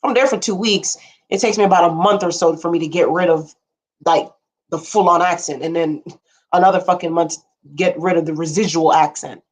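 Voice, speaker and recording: A woman's voice: fairly low pitch, brisk. A young woman hosting a casual livestream, rambling frankly with blunt asides and casual swearing, and answering viewer comments as she talks. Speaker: livestream host.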